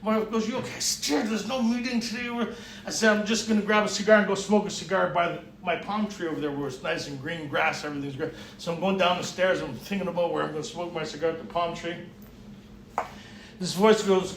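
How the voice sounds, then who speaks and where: Guy giving a recovery talk, animated storyteller, roomy far-off sound, a bit of faint hiss. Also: sits high, brisk, vocal fry. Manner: storytelling, acts out dialogue, laughs often. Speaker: recovery retreat speaker. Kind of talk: personal testimony talk. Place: retreat meeting room. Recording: echoey room, mic far off.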